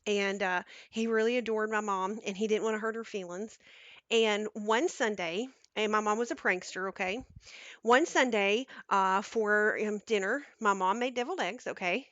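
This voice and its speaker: A woman's voice: medium pitch, moderate pace, a bit bright, no room sound, muffled recording. Chatty woman cooking on stream. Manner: chatty, rambling, keeps asking okay?. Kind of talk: casual storytelling chat. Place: home kitchen.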